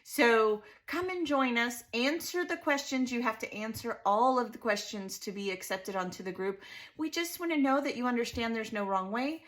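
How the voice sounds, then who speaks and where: A woman's voice: fairly high pitch, normal speed, a bit bright. A middle-aged woman hosting a casual scrapbooking vlog, bubbly and laughing often as she chats and tells stories. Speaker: scrapbooking channel host.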